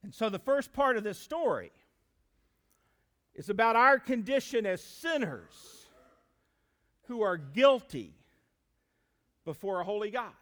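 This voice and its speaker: A pastor preaching a sermon, speaking with emphatic rises and drops and addressing the congregation directly as friends. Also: male voice, high voice, expressive, a little slow, long pauses, a bit bright.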